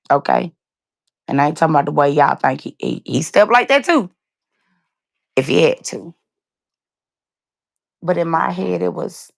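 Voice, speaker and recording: Heavily gravelly woman telling her story. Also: lowish voice, no room sound. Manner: casual, emotional, speaks straight to listeners with "y'all" and "you guys". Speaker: live-stream host telling a personal story. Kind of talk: candid personal storytelling to a live audience.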